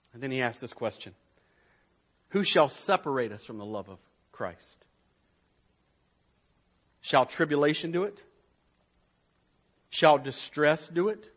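A male pastor with a notably high voice delivers a sermon at a slow, deliberate pace. He leans hard on repeated phrases, building in loudness and then sinking low. He sometimes restarts a word before going on. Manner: slow, emphatic preaching, rising and falling loudness.

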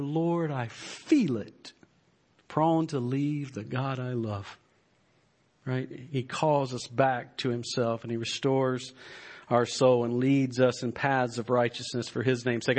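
A man preaching a Sunday sermon, reading psalms aloud and repeating words as he builds to fervent emphasis. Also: medium pitch. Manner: slow and deliberate, rising to fervent emphasis when reading psalms; repeats words while searching. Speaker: pastor.

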